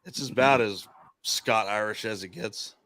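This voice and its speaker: A man's voice: on the low side, measured pace, sharp tone. A man co-hosting a casual, profane video-call chat, joking and swearing freely. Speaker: podcast co-host.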